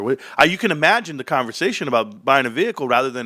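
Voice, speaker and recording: A man hosting casual commentary, talking energetically and acting out sales pitches in quoted voices. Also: sing-song, fast, hardly any pauses, pushed and bright, no room sound. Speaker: stock commentary host.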